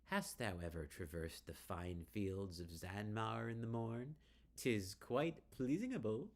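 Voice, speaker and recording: A man voicing a drunk, giggling teenage girl from a text adventure game, with a high sing-song lilt that turns to mockery. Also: lively intonation, brisk, gravelly. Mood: giddy tipsy.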